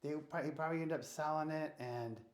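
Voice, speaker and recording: A man's voice: fairly high pitch, a little fast. American man telling a story in a roomy space. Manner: animated storyteller acting out dialogue. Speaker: real estate investor guest. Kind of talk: casual storytelling interview. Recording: roomy echo.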